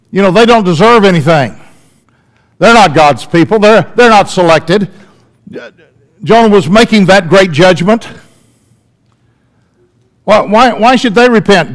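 High-voiced male preacher, dramatic swings. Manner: dramatic swings between loud emphasis and hushed tones. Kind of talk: sermon. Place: church.

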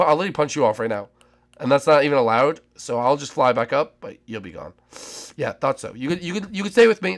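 Excitable young man, gravelly voice. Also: medium pitch. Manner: excitable, loud, dramatic outbursts. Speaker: gaming channel host. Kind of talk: Minecraft gameplay commentary.

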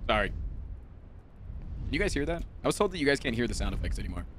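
A young man streaming a game live, talking to his chat in an excitable, profane, rambling way. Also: medium pitch, a little fast, a little hiss or hum. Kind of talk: casual live-stream commentary.

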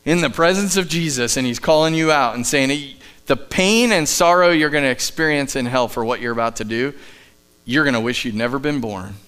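Emphatic male pastor preaching, smooth voice. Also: medium pitch, brisk. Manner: emphatic preaching, often dropping to soft asides. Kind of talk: sermon. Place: church sanctuary, live service.

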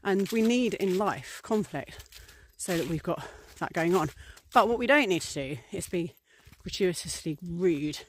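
A woman's voice: fairly low pitch, animated, a little slow, hardly any pauses, slight background noise. Woman vlogger, loose rambling chat to camera, lots of ums, acts out little scenes. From England. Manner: chatty and rambling, many fillers, voices little acted scenes. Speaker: priestess and vlogger. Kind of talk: casual talk to camera.

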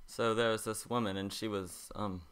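A man quietly telling a story in a hushed, soft voice before playing a cover song. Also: lowish voice, steady tone, normal speed, clear, resonant tone. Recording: roomy echo with loud ukulele. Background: ukulele playing.

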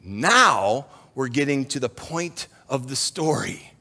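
A man giving a lively Bible lesson as a Sunday school teacher, moving between hushed scripture reading and excited, shouted exclamations. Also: medium pitch, slow. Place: church hall. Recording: long hall reverb.

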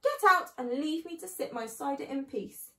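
Woman doing a shrieking male rat, squeaky, rude, storybook reading, echoey room. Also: lively intonation, moderate pace. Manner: shrieking, high and loud.

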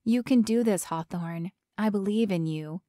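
A woman voicing a young woman who speaks softly and reassuringly. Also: medium pitch, normal speed, no echo, natural voice. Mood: soothing. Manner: soft, soothing and reassuring.

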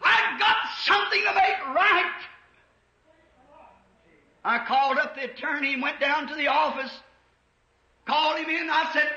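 Fiery preacher guy, super high sharp voice, yells at the big moments, roomy church, muffled old recording. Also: unhurried, long pauses. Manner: impassioned, shouting at peaks, old-time Southern US preaching cadence. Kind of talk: fiery revival sermon. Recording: echoey church, dull 1950s tape.

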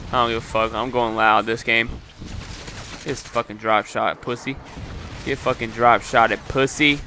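A man's voice: medium pitch, steady tone, normal speed, bright, forceful tone. A young man giving live gameplay commentary, swearing often and breaking into frustrated outbursts.

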